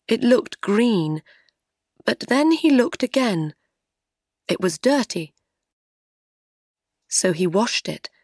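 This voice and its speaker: A woman narrates an easy storybook tale for English learners, reading each short sentence very slowly and clearly. Her voice sits at a middle pitch, and the recording is dry and close, with no room sound. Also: darkish tone, no echo.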